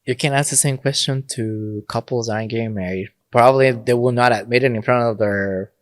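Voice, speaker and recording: A man's voice: mid-range voice, a little fast, no echo. A man, a Catholic priest and podcast guest, telling stories in casual conversation, laughing often and acting out quoted lines.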